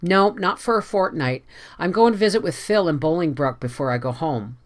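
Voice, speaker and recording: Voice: normal speed, lightly acted. A reader voicing an imaginative, emotional young woman in an audiobook, speaking in a raised, pleading way. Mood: dreamy. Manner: breathless, pleading, high-strung. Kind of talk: audiobook character voice.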